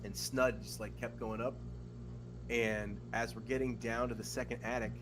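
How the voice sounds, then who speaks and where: A man's voice: medium pitch, normal speed. A man casually telling a long story on a podcast, swearing often and rambling, with lots of fillers and quoted voices. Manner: profane, rambling, animated when acting out quotes. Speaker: podcast co-host.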